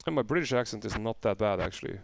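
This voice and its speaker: A man streaming a video game, chatting casually with viewers and answering their questions with relaxed filler pauses. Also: fairly low pitch, gravelly, dry recording.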